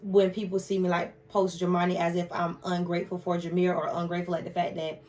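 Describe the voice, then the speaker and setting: A woman's voice: on the low side, level tone, quick pace, a little mellow, far from the mic. A woman guest speaking frankly and chattily in a candid casual conversation.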